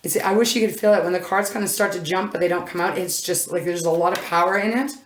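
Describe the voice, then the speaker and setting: A woman's voice: fairly low pitch, quick pace, echoey room, a little hiss or hum. A woman reading tarot in a casual, effusive way, gushing over each card and rambling with frequent restarts. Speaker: intuitive tarot reader.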